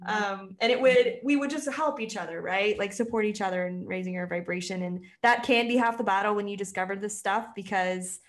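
A woman's voice: mid-range voice, brisk, hardly any pauses. A woman guest on a podcast, a mindset coach, chatting casually and animatedly. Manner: animated, swings into playacted quotes. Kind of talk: casual chat.

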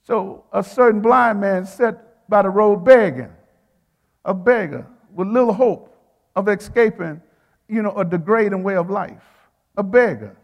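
A man's voice: high voice, expressive, measured pace, vocal fry, big-room sound, dull audio. A male preacher delivering a sermon in a rhythmic, repeating style. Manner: rhythmic, repeats phrases, calls to the congregation.

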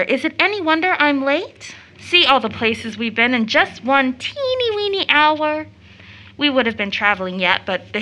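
A woman playing a gushing, bright young woman. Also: on the high side, poor audio. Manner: effusive, gushing, teasing. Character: lively affectionate young woman, playful and impulsive. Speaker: actor in a reading of a stage play. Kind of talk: stage play reading.

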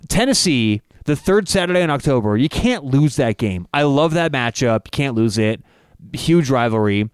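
A man co-hosting a sports podcast in casual chat, animated and opinionated, his voice jumping up when he gets fired up. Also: a little high, moderate pace, smooth, no echo.

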